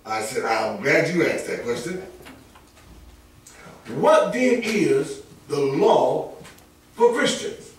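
A man preaching a sermon, emphatic and animated, often rising into shouts and chuckling between points. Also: on the high side, slow pace, pauses often, slight background noise. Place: church sanctuary. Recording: echoey church from far off.

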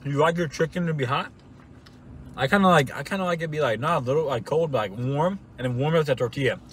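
A man's voice: a little high, quick pace, slight background noise. A young man co-hosting a casual food review in a parked car, easygoing and rambling, often laughing. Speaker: podcast co-host doing a food review. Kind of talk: casual chat while eating.

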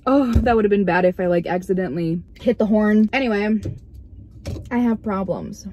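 A woman's voice: mid-range voice, moderate pace, highs cut off, slight background noise. A young woman vlogging from inside her parked car, chatting casually in a rambling, giggly way that startles easily. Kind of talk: casual vlog chat.

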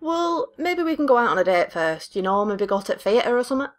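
A woman from northern England doing casual game commentary, crude and teasing and quick to laugh. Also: fairly high pitch, very animated. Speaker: YouTuber.

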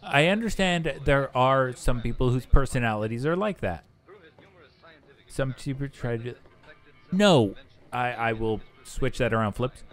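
A man's voice: medium pitch, lively intonation, measured pace. A young man chatting casually and bluntly with profanity while streaming a game. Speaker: gaming streamer. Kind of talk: casual chat while gaming.

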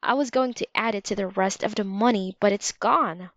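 A woman's voice: mid-range voice, moderate pace, a bit bright, no echo, close to an everyday voice. A woman reading the lines of an upset grown man who talks shakily when distressed. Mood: worried. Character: upset adult man, museum planner. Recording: slightly dull lo-fi recording.

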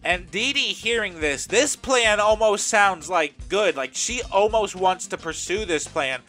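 A man's voice: sits high, normal speed, hardly any pauses, bright, forceful tone, faint music behind. A man casually narrating a made-up game scenario in a chatty, playful way, with lots of fillers. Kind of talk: casual storytelling commentary.

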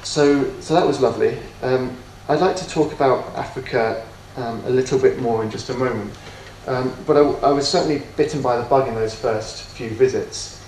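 A man giving an autobiographical lecture, hesitant and self-deprecating, filling pauses with ums and restarting his sentences. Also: mid-range voice, darkish tone. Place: lecture room. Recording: echoey room from far off, faint noise.

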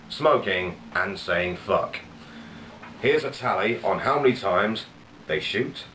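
A man's voice: fairly low pitch, a bit bright, slight background noise. Dry, sardonic man in an echoey room. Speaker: vlogger. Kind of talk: comedic monologue vlog. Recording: echoey room with faint ambience.

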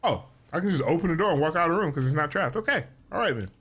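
A man's voice: a little high, lively intonation, very fast, fairly bright tone, slightly rough. A young man chatting playfully and jumpily while playing a horror game with a friend. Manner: playful, jokey, easily spooked. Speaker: gaming YouTuber. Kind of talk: casual gameplay chat.

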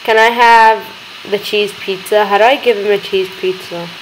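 A young woman hosting a gaming video, chattering excitedly as she plays and talking to the characters on screen. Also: medium pitch, moderate pace, a little hiss or hum, low-quality recording. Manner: excitable, gasping, talks to game characters. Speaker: gaming channel host. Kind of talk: let's-play commentary.

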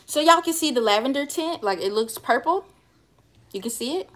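Her voice is high, a bit bright and expressive, and she talks at a normal speed with slight background noise behind her. This young Carolina woman with a Southern accent reads live comments on her hair livestream from home, chatting loosely and trailing off with fillers.

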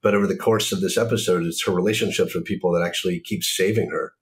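Man, very low voice, author, measured and reflective, casual discussion over a video call. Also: fairly even intonation, a little hiss or hum. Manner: thoughtful, measured, frequent ums. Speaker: author and series creator.

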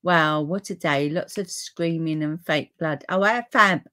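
A middle-aged woman with a British accent hosting a relaxed live papercraft stream, chatting to viewers and easily delighted. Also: low voice, unhurried. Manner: chatty and easily delighted, with frequent gasps and laughs.

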